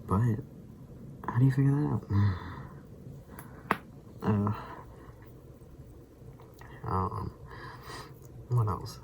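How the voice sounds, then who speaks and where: Brief: low gravelly man, rambling vlog chat, noisy recording. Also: very slow, pauses often. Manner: rambling, hesitant, laughs often. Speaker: daily vlogger. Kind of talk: casual reaction chat.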